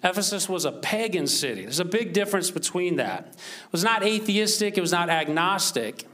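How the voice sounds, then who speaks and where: Male pastor, conversational sermon, fairly high voice, climbs in pitch when reading scripture. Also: moderate pace. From United States. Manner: lively, conversational preaching with rising emphatic scripture reading.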